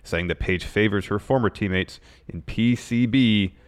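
A man co-hosting a casual podcast, reading news items aloud and chatting in a relaxed, agreeable way. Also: on the low side, moderate pace. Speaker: podcast co-host. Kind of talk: casual wrestling podcast chat.

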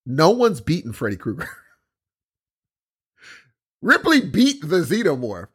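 A man's voice: on the high side, wildly swooping pitch, unhurried, breathy edge. A middle-aged man co-hosting a podcast in casual chat, joking and trailing off mid-sentence, a bit under the weather. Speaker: podcast co-host.

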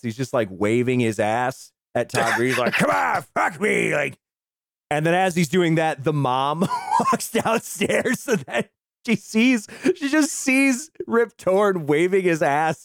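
A man co-hosting a film podcast, excitedly retelling movie scenes with lots of swearing in casual talk. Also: a little high, dry recording, studio quality. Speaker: podcast co-host.

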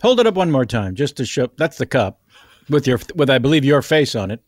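A man's voice: mid-range voice, sing-song, a little fast, no echo. A man hosting a casual comedy podcast, introducing the guests with jokey nicknames and teasing them. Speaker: podcast host.

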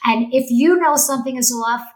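A woman in her sixties speaks as a guest in a casual podcast conversation. Her voice sits a little high, and she stresses her points earnestly. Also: normal speed, low-quality recording. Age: 60s.

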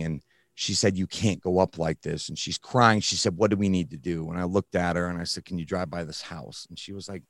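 A man, a guest on a talk show, telling his personal story candidly in casual slang, often halting and restarting. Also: low-pitched, no room sound, studio quality. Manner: blunt, casual, uses slang. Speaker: guest recounting his addiction recovery.

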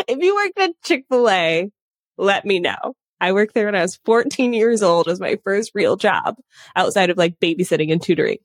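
A woman's voice: medium pitch, very animated, moderate pace, dry recording. Woman podcast host, casual and upbeat, chatty with asides, dry close sound.

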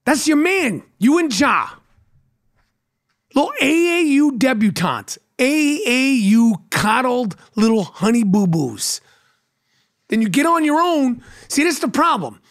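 Brash, mocking New York man ranting. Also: very high voice. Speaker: podcast host. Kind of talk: solo podcast rant.

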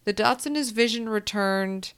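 A woman's voice: medium pitch, normal speed, a bit bright, clear, resonant tone. A woman reading a story aloud in casual chat, dry and blunt, with offhand swearing. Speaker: podcast co-host.

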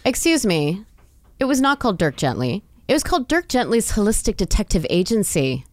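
Playful woman host with a lively voice. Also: mid-range voice, a little fast, dry recording. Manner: playful, emphatic, swears casually. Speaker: podcast host. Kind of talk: casual interview chat.

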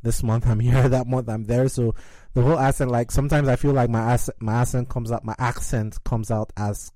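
A woman co-hosting a podcast in casual, teasing conversation, cracking quick jokes. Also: very deep voice, steady tone, mellow, dry recording.

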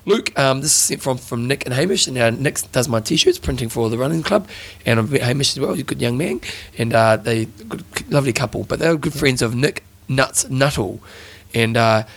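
A man's voice: mid-range voice, expressive, moderate pace, creaky, few pauses, husky. A man with a New Zealand accent co-hosting a podcast, jokey and bantering in casual chat. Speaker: podcast co-host.

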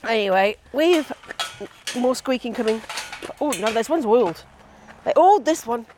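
A woman's voice: fairly high pitch, animated, moderate pace, background noise. A woman podcast co-host chatting casually and self-mockingly while walking in the countryside. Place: outdoors, countryside walk.

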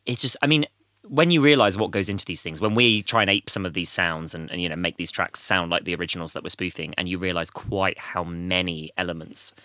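A man's voice: low voice, fairly even intonation, a little fast, sharp tone, dry recording. A man co-hosting a comedy podcast, talking in a playful, wry way with rambling asides. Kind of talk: casual banter.

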